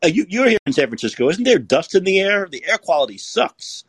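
A man's voice: high voice, big pitch swings, fairly quick, breathy edge, dry recording. A man hosting a live call-in podcast, talking casually and sarcastically, rambling with many restarts. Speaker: podcast host. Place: San Francisco.

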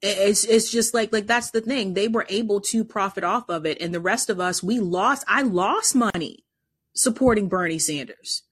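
A woman co-hosting a call-in podcast who speaks calmly and reflectively about politics. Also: mid-range voice, moderate pace, slightly rough. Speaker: podcast co-host. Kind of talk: political chat.

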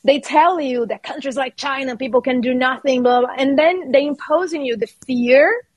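Brazilian woman guest on a podcast, bit high voice, fired up and emphatic, dry close sound. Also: normal speed, slightly rough, no echo. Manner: passionate and emphatic, with many restarts. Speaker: guest, artist and actor. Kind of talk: casual podcast interview.

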